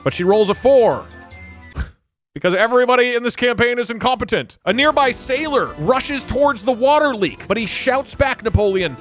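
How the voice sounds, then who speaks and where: A man in his thirties running a tabletop game as game master, narrating quickly and mocking himself. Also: very high voice, a bit bright, faint music behind.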